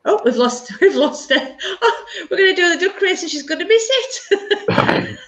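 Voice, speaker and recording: A middle-aged woman from England hosting a live church stream, chatty and quick to laugh. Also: extremely high pitch, lively intonation, a bit bright. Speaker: church service host. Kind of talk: casual live-stream chat.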